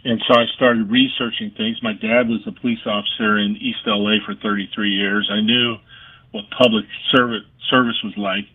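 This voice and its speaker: A man's voice: on the low side, little pitch movement, moderate pace, breathy edge. A man from California, a guest on a radio interview, telling stories with animation and acting out the voices of the people he quotes. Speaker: guest, former ballplayer turned firefighter. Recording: phone-like radio line.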